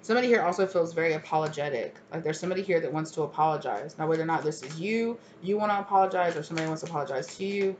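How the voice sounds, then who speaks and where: A woman's voice: sits low, rapid-fire, few pauses, a little hiss or hum. A woman giving a casual tarot reading, naming cards and thinking aloud with many fillers. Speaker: tarot reader.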